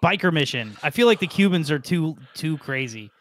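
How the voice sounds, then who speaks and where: A man's voice: a little high, animated, brisk. A man chatting casually over a video game, rambling, chuckling and calling his friend "dude". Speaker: let's play co-host. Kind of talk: casual gaming chat.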